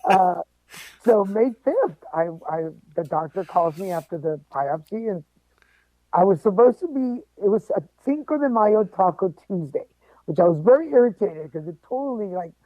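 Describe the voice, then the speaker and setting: A man telling a personal story as a podcast guest, animated and joking along the way. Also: high voice, normal speed, dry recording. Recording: tinny phone-like line, dry.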